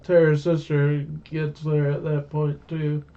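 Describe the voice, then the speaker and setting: Co-host, man, fairly high and level voice, slow and smooth, a little muffled. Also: monotone, dark tone. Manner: adds short asides to the recap. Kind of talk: casual chat.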